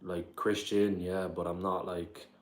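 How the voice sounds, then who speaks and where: A man with a very low voice and a Dublin Irish accent talks loosely to his live chat from home. He rambles, leaning on "like" and "bro" as he reacts to comments. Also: level tone, unhurried. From Ireland. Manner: rambling, says "like" and "bro" often. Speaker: livestreamer. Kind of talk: casual livestream chat, reading comments aloud. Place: his apartment.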